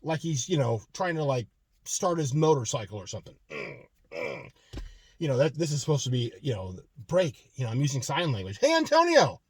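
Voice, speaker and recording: Guy cussing his way through a rant, bouncy pitch, dead dry room. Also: animated, moderate pace, a little mellow, breathy edge, no echo. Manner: profane, storytelling, lots of filler restarts. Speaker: show host. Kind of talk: casual comic rant.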